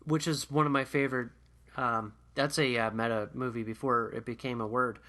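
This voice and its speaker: A man co-hosting a horror movie podcast, chatting casually and trailing off into quiet asides. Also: medium pitch, steady tone, normal speed. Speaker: podcast co-host. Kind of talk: casual chat.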